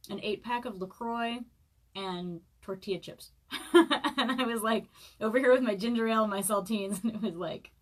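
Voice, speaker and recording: A woman's voice: medium pitch, moderate pace. A woman in her thirties, hungover, chatting casually on a live stream and reading from her own book, with many fillers and laughs. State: hungover, eating saltines and sipping broth.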